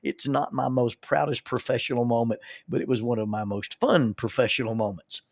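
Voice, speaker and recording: A man's voice: medium pitch, steady tone, brisk, a little mellow, no room sound, studio quality. A man, a counselor and minister, telling stories in a folksy way, often repeating words as he starts a thought. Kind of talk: storytelling monologue.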